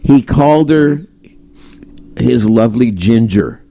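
A man's voice: mid-range voice, expressive, slow, gravelly, a crowd in the background. A man co-hosting a casual chat, rambling and repeating words as he talks.

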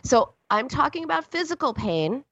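A woman's voice: high voice, big pitch swings, moderate pace, fairly bright tone, slightly rough, dry recording, highs cut off. A woman hosting a call-in advice show who talks animatedly and acts out the voices she quotes. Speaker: host and counselor.

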